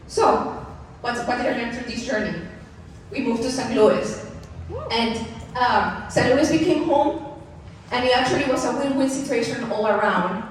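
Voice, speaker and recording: A woman in her thirties tells her life story from a stage, candid and quick to laugh at herself. Her fairly high voice carries through a large, reverberant hall, picked up from a distance. A faint hum of the room sits under her. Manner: candid, laughing often, animated asides to the audience. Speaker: keynote speaker. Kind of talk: personal storytelling speech. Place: large event venue. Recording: echoey hall mic from far off.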